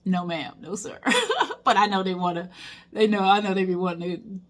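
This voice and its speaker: A woman's voice: fairly low pitch, flat delivery, moderate pace. A woman in her fifties, a longtime teacher, musing aloud in a casual monologue, chatty and folksy, breaking into laughter often. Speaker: teacher and vlogger.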